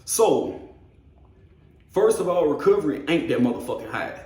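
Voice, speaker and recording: A man who drives trucks, telling a story in a blunt, profane, animated way. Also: a little high, normal speed, reverberant. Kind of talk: casual storytelling rant.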